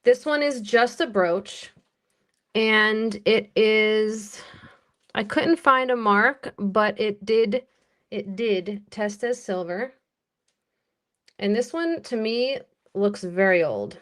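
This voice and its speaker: Describing each piece and calling out the bids, this woman, speaking with an American accent, hosts a jewelry auction on live stream in a talkative, unhurried fashion. Her voice is mid-range and a bit bright.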